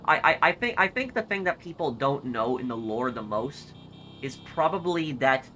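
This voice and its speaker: Bright-voiced streamer thinking aloud. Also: male voice, medium pitch, animated, moderate pace, a little hiss or hum. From United States. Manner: thinks aloud, hesitant, repeats himself. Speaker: game streamer. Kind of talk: live stream, reading chat.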